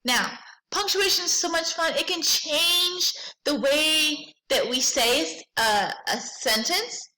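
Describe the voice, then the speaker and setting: Bright, upbeat woman librarian teaching kids. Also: high-pitched, low-quality recording. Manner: upbeat, teacherly, stretches example sentences slowly. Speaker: school librarian. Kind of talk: children's lesson.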